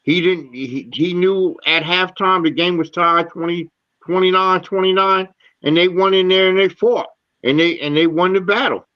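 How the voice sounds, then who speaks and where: Male host, somewhat high-pitched, halting stat-reading style, muffled lo-fi audio. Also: steady tone. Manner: halting, many fillers and restarts reading stats. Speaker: show host. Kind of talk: postgame sports talk.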